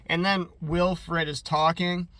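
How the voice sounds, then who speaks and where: This man rambles through an episode recap in a loose, chatty way, leaning on "like" constantly. His voice is bright and slightly high. The sound is dry and close to the mic. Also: flat delivery, slow pace, no echo. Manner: rambling and chatty, heavy use of "like". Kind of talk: casual commentary.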